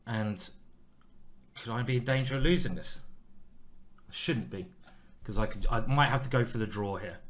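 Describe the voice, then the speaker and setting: A man commentating live on his own blitz chess games in a playful, self-mocking and excitable way. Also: mid-range voice, moderate pace, pauses often. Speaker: chess streamer playing a blitz match.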